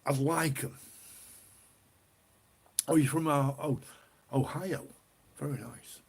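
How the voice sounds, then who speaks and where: A northern English man hosts a relaxed livestream in an unhurried, drawn-out way. His voice is slightly husky. He chats with his viewers, reads their comments aloud and laughs often. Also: fairly high pitch. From northern England. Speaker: livestream host. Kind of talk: casual livestream chat.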